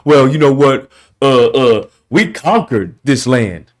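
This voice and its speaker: A man doing a smug, boastful bigot with a voice dropped far below his own, drawling every claim in a self-important tone. The voice rolls out slowly and heavily, a mocking caricature in a commentary rant. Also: mid-range voice, expressive, pitched below the performer's own voice.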